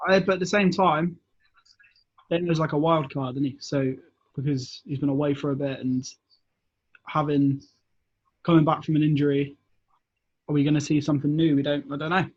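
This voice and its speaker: Man, husky, fairly high voice, thinks aloud, lo-fi sound. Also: steady tone, moderate pace, pauses often. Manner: thinking aloud, repeats words. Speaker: wrestler guest. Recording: dull lo-fi audio.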